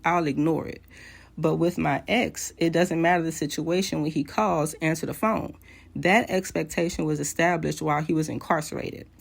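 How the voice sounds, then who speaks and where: A woman's voice: sits low, creaky. A woman around forty telling a personal story to camera, candid and conversational with hesitant fillers. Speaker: vlogger.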